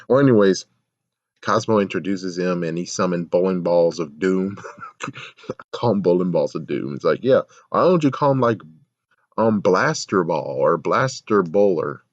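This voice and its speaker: Low-voiced man ranting in a review. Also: no echo, muffled recording. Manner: rambling, exasperated, swears a lot. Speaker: show reviewer. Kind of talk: casual video review rant.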